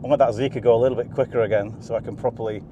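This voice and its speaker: A man giving excited, laughing commentary from inside a car on a race track. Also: mid-range voice, racing, muffled recording. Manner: enthusiastic, laughing often. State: out of breath. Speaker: car vlogger. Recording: car and track noise behind.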